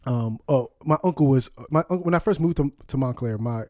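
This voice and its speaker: A young man telling a funny family story on a podcast, animated, often laughing and acting out quotes. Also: mid-range voice, brisk, no room sound, clean studio sound. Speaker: podcast co-host. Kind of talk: casual storytelling chat.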